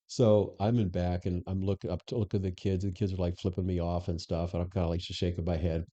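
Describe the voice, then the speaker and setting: The guest is a former police superintendent, a onetime police chief, and he recounts his experiences candidly in a conversational interview. His deep, dark voice comes out fast and flat, with anecdotes and frequent restarts. It's captured in dull, lo-fi podcast audio.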